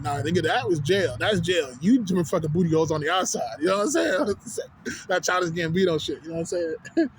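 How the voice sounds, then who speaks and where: A man's voice: on the high side, slight background noise. A man with a Texan accent ranting casually outdoors on a city street, rambling and profane, constantly asking if you follow him. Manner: rambling, profane, keeps asking "you know what I'm saying". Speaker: vlogger. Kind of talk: casual rant.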